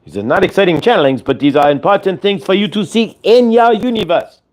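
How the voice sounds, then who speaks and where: His voice is high and a little mellow, with lively intonation and a slightly fast pace. Hosting a show, he channels a spiritual teaching in the collective "we," repetitive and instructive, returning again and again to the same points.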